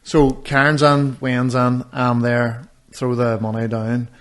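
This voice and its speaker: A man's voice: mid-range voice, completely flat delivery, takes it slowly, a bit bright. A man, telling stories in a casual podcast chat and swearing freely. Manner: swears a lot, storytelling. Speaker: podcast co-host.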